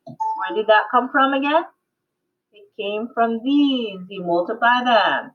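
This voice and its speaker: A woman's voice: on the high side, expressive, slow, soft background music. A woman math teacher teaching an online class, coaxing and quizzing her students and laughing often. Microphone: video call. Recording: tinny phone-like audio.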